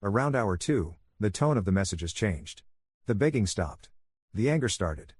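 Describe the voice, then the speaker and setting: A man calmly narrating a first-person story in an even, soothing manner. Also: lowish voice, moderate pace, slightly rough, no room sound, studio quality.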